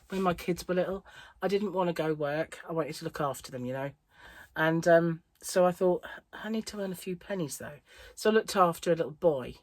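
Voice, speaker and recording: Chatty, giggly woman vlogger, lowish voice. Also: no room sound. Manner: chatty, rambling, laughs often. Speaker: crochet vlogger. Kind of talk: casual chat. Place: home on an English island.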